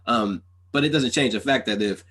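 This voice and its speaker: A man's voice: mid-range voice, normal speed, a bit bright, slightly rough. A man hosting a casual podcast interview, earnest and rambling, full of "you know" and "like". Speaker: podcast host.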